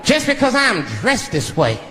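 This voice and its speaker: A man's voice: extremely high pitch, wildly swooping pitch, moderate pace, bright, forceful tone, some chatter behind, voice pushed up, full character voice. A man voicing a sassy, indignant young woman rebuking a catcaller in a live stand-up act. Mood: offended. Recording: live stage, echoey hall, audience.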